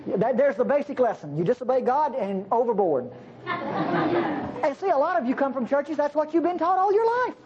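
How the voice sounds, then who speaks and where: Lively, joking preacher delivering a sermon. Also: high voice, normal speed, crowd noise. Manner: animated, jokey asides to the congregation. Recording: slightly dull recording with faint hiss.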